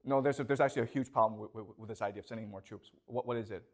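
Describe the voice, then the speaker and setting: A man's voice: fairly low pitch, rapid-fire, darkish tone. A man lecturing a classroom, asking students questions and checking often whether they follow.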